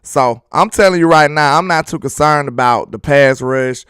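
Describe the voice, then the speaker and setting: A man's voice: fairly high pitch, moderate pace, fairly bright tone, clean tone, no room sound, clean studio sound. A young man hosting a casual football livestream, talking loosely to his chat and laughing often. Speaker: sports channel host.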